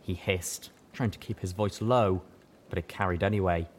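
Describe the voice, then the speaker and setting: A man narrating a fan fiction audiobook with expressive storytelling. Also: low voice, normal speed.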